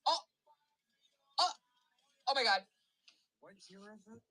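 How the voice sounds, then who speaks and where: Exclamatory woman with a lively voice. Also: fairly high pitch, measured pace. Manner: exclamatory, swears freely. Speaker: streamer in a replayed clip. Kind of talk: casual stream talk.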